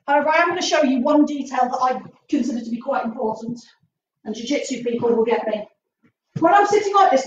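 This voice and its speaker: A woman martial arts instructor leading a live online stretching class, chatty and upbeat with jokey asides. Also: sits high. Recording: distant, roomy, dull with faint noise.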